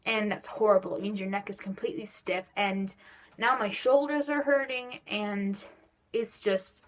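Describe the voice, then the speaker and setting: Chatty teenage girl vlogging, animated. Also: medium pitch, moderate pace. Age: teens. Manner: animated storytelling, lots of "like" and "just like". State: stiff sore neck from whiplash. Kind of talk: casual chat to camera.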